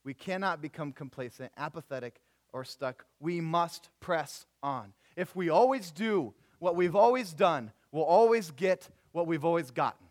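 Casual, animated young male preacher. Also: on the high side, measured pace, hardly any pauses. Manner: animated storytelling with voiced characters, casual slang. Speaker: youth preacher. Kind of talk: sermon.

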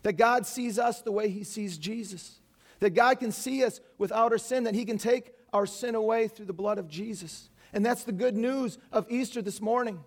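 High-voiced male pastor preaching. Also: normal speed. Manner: earnest preaching with rhetorical questions and asides. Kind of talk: Easter sermon.

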